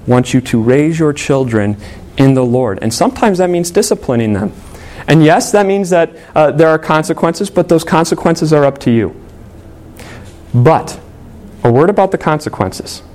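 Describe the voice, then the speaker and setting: A man's voice: on the high side, darkish tone. Earnest man preaching a sermon. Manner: earnest, conversational storytelling with fillers. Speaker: pastor.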